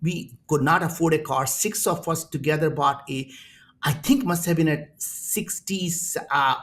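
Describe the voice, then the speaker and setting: A man in his sixties from India with an Indian accent, a guest telling animated stories in an interview. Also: a little high, unhurried. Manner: animated, acts out quoted voices in his stories. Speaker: entrepreneur guest. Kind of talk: storytelling in an interview.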